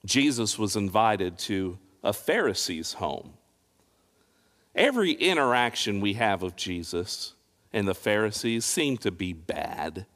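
The long reverb of a big hall surrounds a male pastor's sermon, delivered in a mid-range, fairly bright voice. His preaching surges and subsides dramatically, and he poses pointed rhetorical questions.

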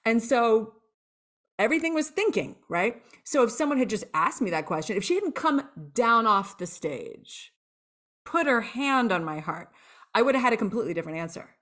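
A woman's voice: on the high side, normal speed. A woman coach, a guest on a podcast, chatting candidly and acting out past moments as she talks. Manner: lively and expressive, acts out her own past lines. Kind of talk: candid storytelling interview chat.

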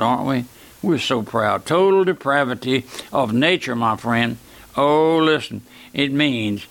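A man's voice: a little high, a bit bright. An older man preaching a fervent radio sermon, pleading with his listeners through repeated rhetorical questions.

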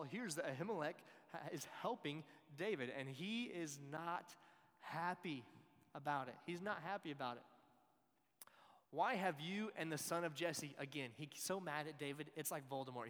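Joking preacher in an echoing hall. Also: male voice, fairly high pitch, normal speed, a bit bright. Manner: conversational, joking asides to the listeners. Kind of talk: sermon. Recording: long hall reverb.

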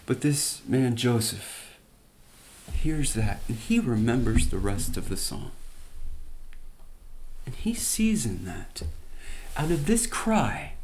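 A man's voice: mid-range voice, big pitch swings, slow, pauses often, darkish tone, slight background noise. A man teaching from the Bible by retelling it as a story, with conversational asides and emphatic quoted lines.

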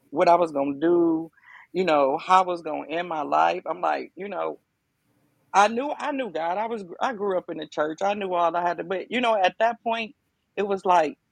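Gravelly-voiced woman telling her story. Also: fairly low pitch, no echo. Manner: emphatic, conversational, lots of fillers. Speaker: podcast guest. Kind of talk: casual testimony.

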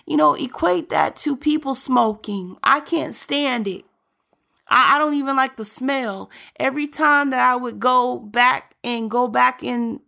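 A woman's voice: high-pitched, vocal fry, pushed and bright. A woman preaching a sermon in an earnest, direct, exhorting way, addressing listeners with questions.

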